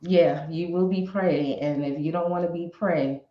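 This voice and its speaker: A woman's voice: sits low, fairly even intonation, moderate pace, echoey room, dull audio. A woman from New York, a podcast guest, chatting casually and agreeably with plenty of laughter. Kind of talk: casual chat.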